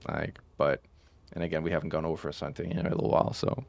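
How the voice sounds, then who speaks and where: A game streamer chats casually with viewers on a live stream, rambling and correcting himself with frequent "um" and "like." His voice is rumbling and low, with a level tone, quick pace, creaky texture and darkish color.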